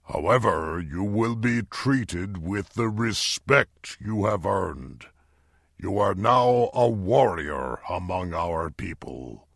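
A huge green Martian warrior chief, stern and unhurried, as a man puts him on. His deep voice is rough with gravel and his words come slow and solemn, as if each one were a ruling. The recording is close and dry, with no room around it. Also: animated, fairly bright tone, no echo, exaggerated voice. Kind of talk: storybook character voice.

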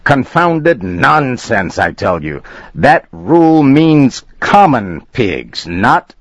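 A man voicing a furious, indignant gentleman customer who shouts and sputters. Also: mid-range voice, very animated, takes it slowly, no room sound, pitched above the performer's own voice, full character voice. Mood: outraged. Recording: dull lo-fi recording.

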